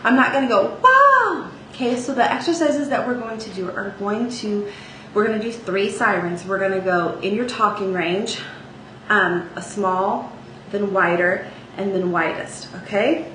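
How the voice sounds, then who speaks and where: A woman gives a singing lesson in a bright, ringing voice, chatting through the exercises and checking in often. Her voice bounces around an echoey room, with faint ambient noise underneath. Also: mid-range voice, moderate pace. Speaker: singing teacher. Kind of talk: vocal lesson with sung demonstrations.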